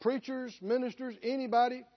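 A male preacher with a high voice delivers a sermon full of emphatic rhetorical questions. The recording is dull and lo-fi. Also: steady tone, fairly quick.

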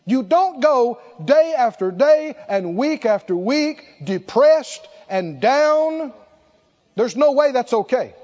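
A man's voice: very high-pitched, big pitch swings, slow, a little mellow, highs cut off. A man preaching a sermon, emphatic and exclaiming, repeating short phrases for effect.

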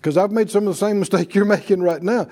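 A man's voice: sits high, quick pace, warm tone. A man preaching a sermon, leading the congregation in call-and-response.

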